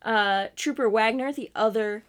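A woman's voice: a little high, a little slow. Young woman, podcast co-host, casual chat, giggly, stumbles over words.

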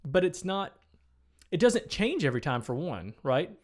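Chatty man, slightly high voice. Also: very animated, normal speed. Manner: chatty, laughs often, loose restarts. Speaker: podcast co-host. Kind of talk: casual podcast chat.

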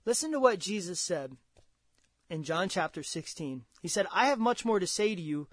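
A fervent male preacher with a fairly high voice, delivering a sermon that swells louder and higher when he drives a point home. He repeats words for emphasis and pleads with his listeners. The sound is dry and close. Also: lively intonation, moderate pace, dry recording.

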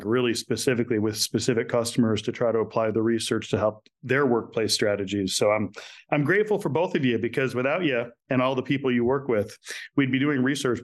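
A man hosting a podcast, introducing guests and questions in a friendly, upbeat way. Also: medium pitch. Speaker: podcast host.

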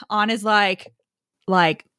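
A woman's voice: medium pitch, very slow, clean tone, dry recording, studio quality. A woman co-hosting a casual podcast, recapping a novel with candid, sardonic asides and free swearing. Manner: candid and sardonic, swears freely, quotes characters in a lively voice. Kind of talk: casual chat.

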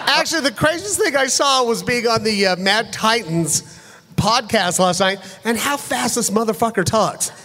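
A man's voice: extremely high pitch, expressive, moderate pace, bright, forceful tone. A man co-hosting a live podcast panel, joking and teasing his co-hosts. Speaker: podcast co-host.

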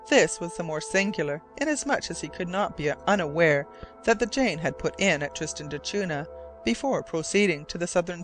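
A man narrates a classic adventure audiobook in the first person, with measured, formal phrasing. His voice sits slightly high, and soft music plays faintly underneath.

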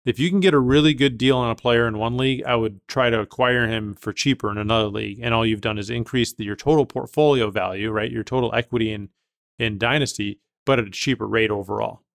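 A man's voice: mid-range voice, fast talker, gravelly, dry recording, clean studio sound. Man explaining trades in casual chat. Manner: emphatic, thinks aloud with restarts. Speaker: podcast host.

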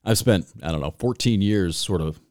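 A low-pitched man with a Michigan accent hosts a casual podcast, rambling through stories and swearing freely. His voice is dry and close to the mic. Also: normal speed, darkish tone, no echo. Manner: profane, rambling, storytelling. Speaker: podcast host. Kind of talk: casual chat.

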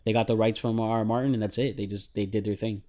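A man chatting casually with friends on a show, jumping into side notes and rants. He laughs often and gets louder and more excited as he makes his points. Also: on the low side, quick pace. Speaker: podcast co-host. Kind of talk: casual chat.

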